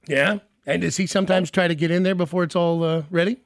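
A man's voice: high-pitched, steady tone, fast. A man hosting a morning radio show, joking and teasing callers in rambling banter from the studio.

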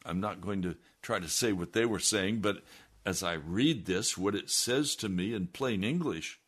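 A man, a pastor delivering an earnest, deliberate broadcast sermon. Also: low voice, a bit bright, slightly rough. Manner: earnest, deliberate preaching with rising emphasis.

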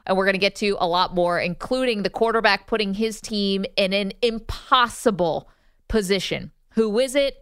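A woman's voice: medium pitch, normal speed, a bit bright, clear, resonant tone, no room sound, clean studio sound. A woman co-hosting a sports talk radio show, upbeat and playful in casual banter.

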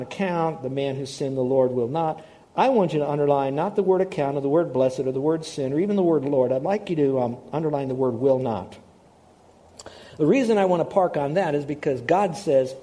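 A man delivers a sermon in a relaxed, conversational way, circling back on key words to stress them. His voice sits a touch higher than usual and sounds mellow and warm. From Hawaii. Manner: conversational preaching, repeats key words for emphasis. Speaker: pastor.

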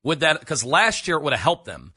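A man's voice: a little high, big pitch swings, a little fast, sharp tone, slightly rough, no room sound, studio quality. A man hosting sports talk radio, joking and asking long, rambling questions. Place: radio studio.

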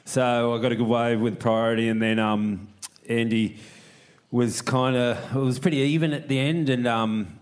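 A man's voice: mid-range voice, fairly even intonation, moderate pace. A middle-aged man tells long stories in a loose, rambling way. He keeps stopping to restart his sentences and fills the gaps with ums and you-knows. This is casual, unscripted chat. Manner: rambling, full of fillers and restarts. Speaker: guest, retired pro surfer.

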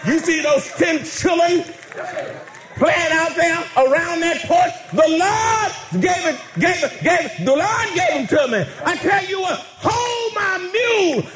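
A male preacher acting out a joyful old farmer from church who shouts his praise in a rhythmic cadence. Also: very high-pitched, a little slow, long pauses, a crowd in the background, noisy background. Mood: exultant shouting.

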